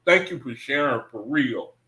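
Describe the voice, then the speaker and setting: A man hosting an online scripture study livestream, reading passages aloud slowly, rereading lines and chatting informally with viewers. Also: medium pitch, poor audio. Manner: relaxed, informal talk with the audience. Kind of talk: casual livestream reading and commentary.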